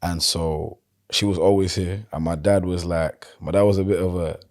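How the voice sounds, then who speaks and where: A man with a South London accent, chatting casually as a podcast guest and telling stories in a relaxed, loose way. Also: low-pitched, moderate pace. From London, England. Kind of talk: casual conversation.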